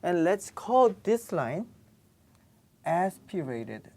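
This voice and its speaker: Slow, low-voiced woman teaching pronunciation. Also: very animated, warm tone. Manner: slow, patient, demonstrates sounds repeatedly. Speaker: Korean language teacher. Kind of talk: classroom lesson on pronunciation.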